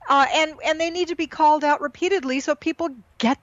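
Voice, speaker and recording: A woman co-hosting a casual political chat show, animated, reading tweets aloud and laughing at her own slips. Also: high-pitched, quick pace, dry recording. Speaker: podcast co-host. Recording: dull lo-fi sound.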